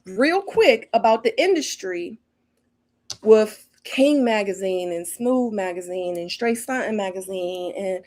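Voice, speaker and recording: A woman's voice: medium pitch, expressive, measured pace, darkish tone. Sassy woman chatting to her viewers. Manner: sassy and emphatic, keeps adding "okay?" and "honey". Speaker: former model recapping a reality show. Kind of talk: casual recap chat to viewers.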